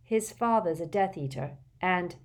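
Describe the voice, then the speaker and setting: A stubborn, earnest teenage boy, as a woman reader puts him on, speaking slowly and insistently. He sounds frustrated, pressing his case in an audiobook. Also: lowish voice, close to an everyday voice.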